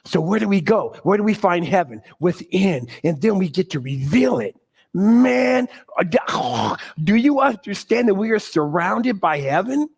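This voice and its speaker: A middle-aged man giving an animated sermon to a congregation, laughing often and leaning on preacherly emphasis. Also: high-pitched, a little slow, vocal fry, breathy edge. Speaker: spiritual speaker.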